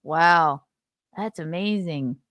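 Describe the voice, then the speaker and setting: A woman's voice: fairly low pitch, slow, fairly bright tone, no echo, lo-fi sound. A woman co-hosting a casual comedy podcast, playful and laughing often as she mocks people in exaggerated voices. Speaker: podcast co-host.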